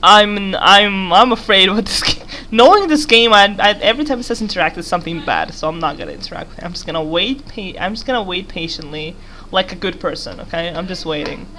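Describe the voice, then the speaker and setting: A woman's voice: medium pitch, lively intonation, brisk, pushed and bright, slight background noise. Giggly young woman rambling over gameplay. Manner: giggly, rambling, talks to game character. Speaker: gaming YouTuber. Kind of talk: casual gameplay commentary.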